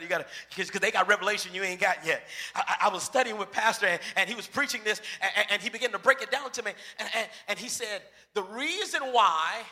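High-voiced animated preacher in echoing hall. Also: male voice. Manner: animated, acts out bible characters, shouts for emphasis. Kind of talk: lively sermon. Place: church sanctuary. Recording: reverberant church hall.

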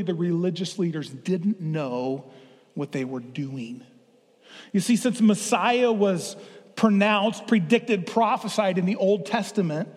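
A man's voice: high-pitched, a little mellow. A middle-aged man preaching a sermon as pastor, playful and drawing the congregation into the reading. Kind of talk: interactive sermon. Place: church sanctuary. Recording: long hall reverb.

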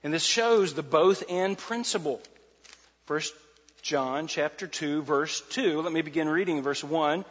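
A man preaching a sermon as pastor, animated and repeating key phrases for emphasis. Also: fairly high pitch, measured pace. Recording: muffled sound in a large reverberant hall.

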